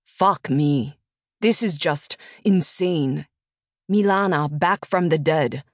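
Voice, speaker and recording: A woman reading an audiobook and voicing a tense, blunt male driver who speaks slowly and heavily. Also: low-pitched, no room sound, studio quality. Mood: guarded, blunt. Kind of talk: audiobook character voice.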